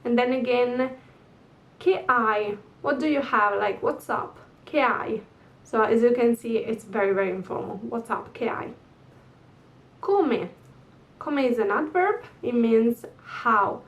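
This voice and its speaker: A woman teaching a language lesson, repeating each example slowly and carefully. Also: on the high side, far from the mic. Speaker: Italian teacher.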